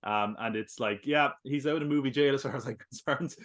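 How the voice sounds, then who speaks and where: Excitable Cork Irish man rambling. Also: mid-range voice, fairly quick. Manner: excitable, rambling, swears, laughs a lot. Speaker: podcast co-host. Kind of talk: casual film review chat.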